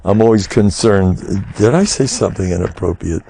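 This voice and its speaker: A man's voice: fairly low pitch, moderate pace, a little hiss or hum. An older man, a rabbi, giving a humorous Torah lecture, joking and acting out dialogues as he goes. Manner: animated, joking, acts out dialogues.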